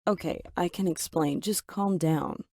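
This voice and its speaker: Woman playing a calm, wise mother. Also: deep voice, unhurried, vocal fry, dry recording, clean studio sound, exaggerated voice. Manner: calm, composed.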